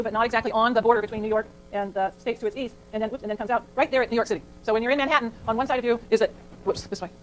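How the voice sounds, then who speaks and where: Fast-talking woman lecturing a class. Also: fairly high pitch, poor audio. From California. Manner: chatty, digressive, asks the class questions. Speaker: college lecturer. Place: lecture hall.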